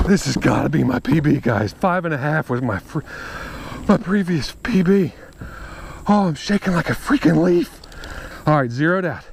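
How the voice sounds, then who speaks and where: A man's voice: fairly high pitch, gravelly, a little hiss or hum. A man vlogging as he fishes outdoors on the water, exclaiming and talking straight to his viewers. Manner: excitable, exclaiming, talks to viewers. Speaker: fishing vlogger. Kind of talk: casual talk to camera while fishing.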